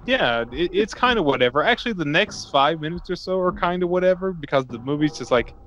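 A man's voice: a little high, animated, brisk, a bit bright, slight background noise. A man casually recapping a movie on a podcast, crude and jokey, putting on silly voices now and then. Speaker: podcast co-host.

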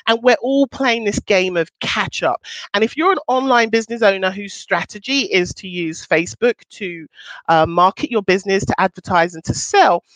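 Chatty and cheerful, the thirtysomething business coach talks to viewers on her weekly livestream, her pitch rising in swoops to stress points. There's no room sound, and the audio quality is rough.

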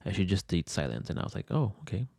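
A man's voice: deep voice, animated, quick pace, gravelly, darkish tone, no room sound, clean studio sound. A young man telling a personal story in an interview. He rambles, leans on fillers and swears freely. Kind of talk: candid conversational storytelling.

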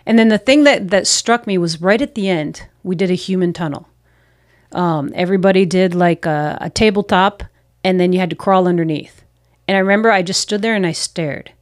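A woman's voice: lowish voice, a little fast, dry recording, studio quality. A missionary pastor, a woman, earnestly telling personal stories in an interview. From United States. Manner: earnest, reflective, acts out her own past self-talk.

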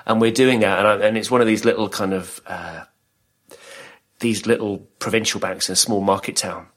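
A man's voice: fairly low pitch, steady tone, normal speed, a bit bright. A middle-aged man from Britain, co-hosting a podcast and telling stories in casual chat, laughing often. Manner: chatty storyteller, laughs often. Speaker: podcast co-host.

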